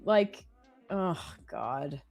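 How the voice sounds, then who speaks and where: A woman's voice: low-pitched, lively intonation, extremely slow, vocal fry, a little mellow. A young woman co-hosting a live trading stream, telling stories in a chatty way with lots of "like". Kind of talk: casual chat.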